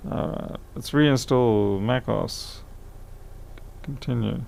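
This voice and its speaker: A man's voice: mid-range voice, takes it slowly, a little mellow, a little hiss or hum. A tired man chatting casually on a live stream, thinking aloud as he repairs a laptop, his voice fading. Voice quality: gravelly.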